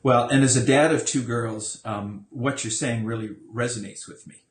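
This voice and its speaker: A man's voice: medium pitch, fairly even intonation, moderate pace, echoey room, slight background noise. A man conducting a casual interview as an author and dad, with a playful, teasing manner.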